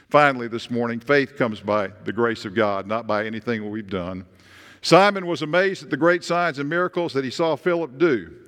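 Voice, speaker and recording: Male pastor, animated sermon, emphatic storytelling, mid-pitched voice, long reverb in the sanctuary.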